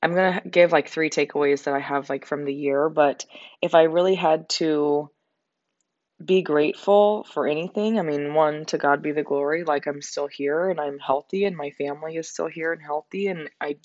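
A woman in her twenties with a hoarse, raspy voice, hosting a reflective solo podcast in an earnest, rambling way. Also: sits low, steady tone, normal speed, darkish tone, no room sound. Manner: earnest, rambling, with frequent likes and laughs. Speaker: podcast host. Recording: dull, slightly lo-fi sound.

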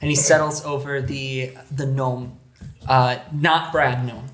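A man's voice: mid-range voice, little pitch movement, slow pace, fairly bright tone, slight background noise. A man narrating as game master, rambling with many restarts. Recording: echoey room.

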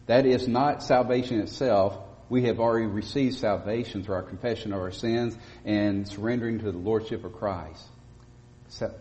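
A man preaching a sermon as pastor, speaking emphatically and rising to loud stresses on key words. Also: fairly low pitch, slight background noise. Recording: dull lo-fi audio with long church reverb.

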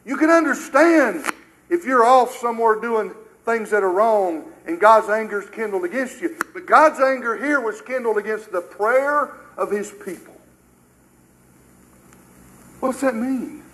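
A man's voice: sits high, animated, takes it slowly, long pauses, a bit bright, poor audio. An older American man preaching a sermon with emphatic rhetorical questions, his delivery surging and dropping.

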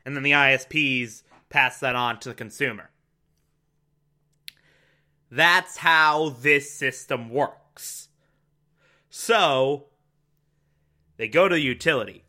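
A man's voice: mid-range voice, slow, pauses often, pushed and bright. A man casually recapping a TV episode, chatty, laughing often and swearing.

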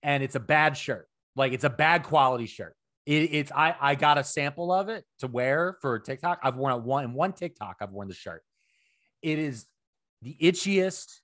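A middle-aged man co-hosting a podcast, telling profane stories in a casual chat that climbs to near-shouts. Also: mid-range voice, normal speed. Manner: animated, profane storytelling, rising to near-shouts. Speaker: podcast co-host.

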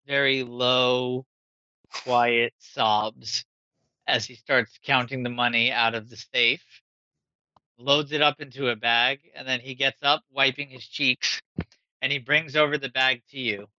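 A man running a tabletop game, speaking slowly and pausing often. His voice is very bright and forceful. The sound is dry and a little dull. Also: mid-range voice, little pitch movement, no room sound. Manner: slow, halting narration with frequent fillers. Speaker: game master.

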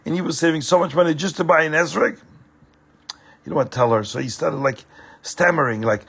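Very husky, gravelly male storyteller. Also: fairly high pitch, normal speed. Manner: animated, addresses listeners directly. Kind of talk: children's story narration.

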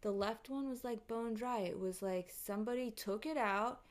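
A woman vlogger telling a casual story to her viewers, animated and rattled, swearing often. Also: on the high side, normal speed.

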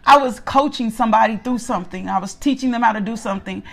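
A middle-aged woman teaching Bible study delivers a relaxed, conversational sermon in a slightly high, creaky voice. She talks fast, repeats her points for emphasis, and keeps asking listeners to answer her.

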